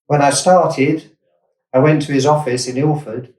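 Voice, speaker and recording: A man's voice: a little high, fairly even intonation, unhurried, darkish tone. Older man telling stories, distant roomy mic. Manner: rambling, with self-corrections and asides. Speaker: investor and startup founder, guest. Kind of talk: anecdotal interview storytelling.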